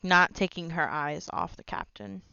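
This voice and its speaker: A woman's voice: lowish voice, steady tone, a little slow, vocal fry, pushed and bright, smooth, no echo, dull audio. A woman playing a tabletop role-playing game, narrating her character and speaking in character with sassy confidence. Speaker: player.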